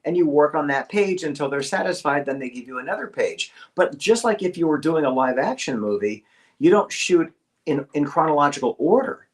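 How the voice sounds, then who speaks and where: Animated middle-aged man telling a story. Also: a little fast. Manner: animated storyteller, acts out quotes and squeaks. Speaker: guest voice actor. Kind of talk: casual anecdote on a video call. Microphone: video call.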